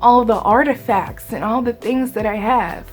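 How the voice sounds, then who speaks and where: A woman's voice: on the high side, moderate pace, faint music behind, close to an everyday voice. Brief: insistent, coaxing stranger, put on by a woman telling a story. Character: pushy overeager stranger inviting her inside.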